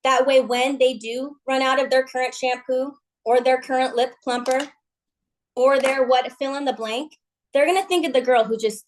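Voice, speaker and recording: A woman's voice: high-pitched, steady tone, normal speed. A woman leading a team call, giving an upbeat motivational pep talk with folksy slang. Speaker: MLM team leader on a call.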